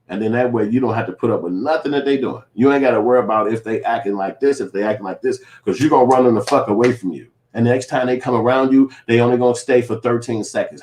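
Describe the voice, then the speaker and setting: A man's voice: mid-range voice, fast, few pauses, darkish tone. A man with a Chicago accent talking straight to his viewers in casual commentary, profane and full of street slang, rambling from point to point. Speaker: vlogger.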